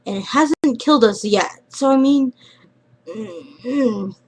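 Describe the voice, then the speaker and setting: A young woman chatting casually in a vlog, rambling and trailing off, often dropping into quiet mumbles. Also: fairly high pitch, takes it slowly, slightly rough, low-quality recording. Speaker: vlogger.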